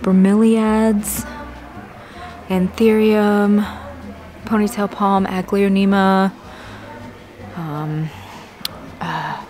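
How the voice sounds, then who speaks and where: A woman plant vlogger chatting casually as she browses a big box store garden center, easily excited. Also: medium pitch, very slow, pauses often, soft background music. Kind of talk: casual walk-through narration.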